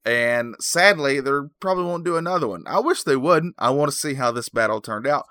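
A man's voice: mid-range voice, lively intonation, a little fast, a bit bright, no room sound, studio quality. A man giving a rambling, self-deprecating comedic recap, full of fillers and asides. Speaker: comic movie recapper.

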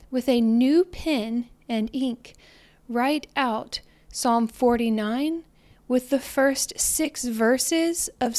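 Soft-spoken woman with a high voice. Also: no echo. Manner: soft, slows down and trails off into near-whispers on repeated phrases; earnest, meditative. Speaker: spiritual podcaster. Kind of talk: reflective spiritual talk.

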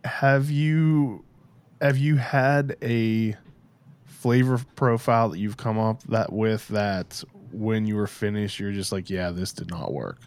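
Low-voiced guy interviewing, chatty and joking around. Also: fairly even intonation, slow, a little mellow, clear, resonant tone. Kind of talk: casual interview chat.

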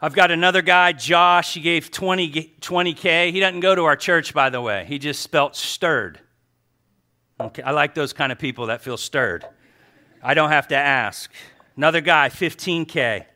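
Bright-voiced male pastor telling stories. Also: fairly high pitch, moderate pace. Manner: storytelling, animated, quotes people in his own voice. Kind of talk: sermon.

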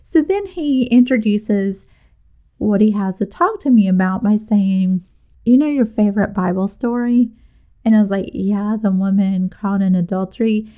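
A woman's voice: medium pitch, moderate pace. A middle-aged woman hosting her own podcast, telling a story casually, laughing at her own jokes and acting out the lines of the people in it. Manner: animated, acts out dialogue. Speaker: podcast host.

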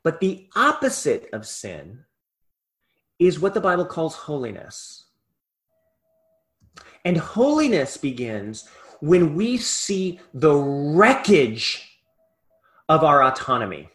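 Impassioned male preacher, slightly high voice. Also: sing-song, slow pace, pauses often. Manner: impassioned, swings between loud and hushed. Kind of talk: sermon.

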